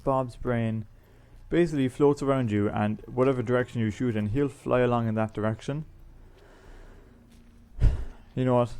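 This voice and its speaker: A man's voice: mid-range voice, steady tone, normal speed, pauses often, mellow, clear, resonant tone. A man chatting casually as he plays a video game, rambling and explaining the items. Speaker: gaming YouTuber. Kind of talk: casual let's-play commentary.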